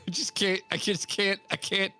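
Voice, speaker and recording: A man co-hosting a game stream in casual chat, reading out chat messages with teasing, quick laughter. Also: high-pitched, flat delivery, bright, forceful tone.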